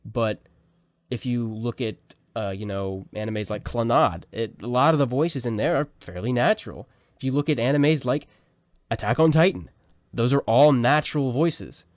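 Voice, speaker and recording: A man's voice: mid-range voice, normal speed, no echo. A young man casually teaching voice acting at home, rambling with fillers and restarts into a close mic. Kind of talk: casual tutorial talk. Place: small home room.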